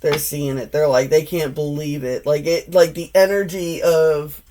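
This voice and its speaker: A woman's voice: low-pitched, steady tone, measured pace, dark tone, faint music behind. A woman in her forties giving a casual tarot reading, blunt and profane, rambling with frequent restarts. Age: 40s. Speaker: tarot reader.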